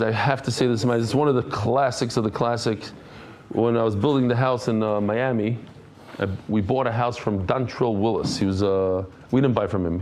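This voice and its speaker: A middle-aged man teaching a Talmud class, telling stories in a casual, animated way and sprinkling in Yiddish and Hebrew terms. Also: medium pitch, a little hiss or hum. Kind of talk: casual storytelling lesson.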